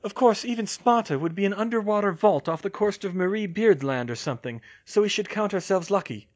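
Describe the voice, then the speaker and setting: A man lifts his voice high to play a bright, excitable teenage witch girl. She talks eagerly and a little breathlessly, like a quick know-it-all, with her voice pitched well above an everyday man's.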